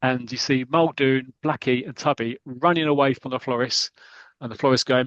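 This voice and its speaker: A man's voice: medium pitch, fairly even intonation, moderate pace, fairly bright tone, no echo, lo-fi sound. A man, a podcast co-host, chattily retelling a comic story in a rambling, casual way.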